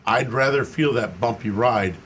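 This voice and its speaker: A man's voice: medium pitch, normal speed, fairly bright tone, slight background noise. Matter-of-fact male car expert. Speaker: auto expert. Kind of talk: radio call-in chat.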